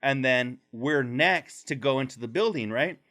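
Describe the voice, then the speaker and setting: A man co-hosting a podcast, telling a story in casual, profane slang and breaking into high put-on voices when he quotes people. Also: expressive, normal speed, pushed and bright. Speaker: podcast co-host.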